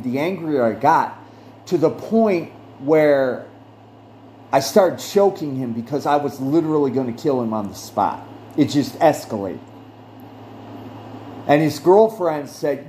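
A man's voice: fairly high pitch, darkish tone, a little hiss or hum. A middle-aged man hosting a podcast, telling a personal story in an earnest, emphatic way and repeating phrases for stress. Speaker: podcast host.

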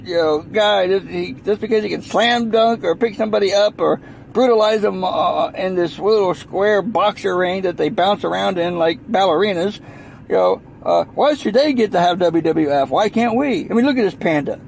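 A man's voice: high voice, normal speed, gravelly, slight background noise, low-quality recording. A man rambling through a sarcastic comic monologue, full of restarts and mock voices. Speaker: comedian. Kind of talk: rambling stand-up style monologue.

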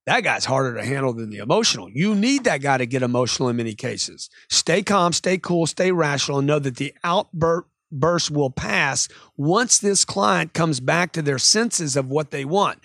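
Male sales coach, energetic monologue, voices customers in outbursts, dry studio sound. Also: on the high side, moderate pace, few pauses, no echo. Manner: animated, acts out customer quotes with sudden loud outbursts. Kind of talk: motivational monologue.

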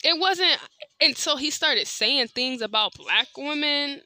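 A woman hosts a casual podcast and tells the story to her listeners in a blunt, animated way, full of slang. Her voice sits a little high and sounds very bright. The recording is dry and close, with no room sound. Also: takes it slowly, no room sound, faint music behind. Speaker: podcast host.

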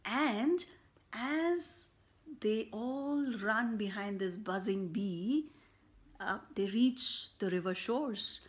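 A woman reading a picture book aloud to children, slow and animated, with buzzing and animal sound effects and soft whispered asides. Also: medium pitch. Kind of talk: children's story read-aloud.

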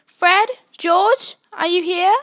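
A woman's voice: extremely high pitch, very animated, moderate pace, no room sound, voice pushed up, exaggerated voice. Woman doing a fussing mother calling out. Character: bustling fussy mother of many sons.

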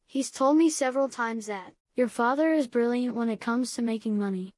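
A woman voicing a kind, proud father who is a schoolteacher, speaking calmly and encouragingly, in a higher voice and a dry recording. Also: moderate pace, no room sound, close to an everyday voice. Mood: gentle. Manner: calm, kindly encouraging.

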